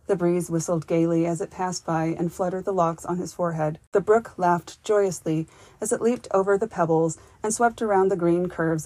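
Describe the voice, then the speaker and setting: A woman reading a storybook audiobook aloud as a podcast host, in a calm, measured, gentle manner. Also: on the low side, no room sound.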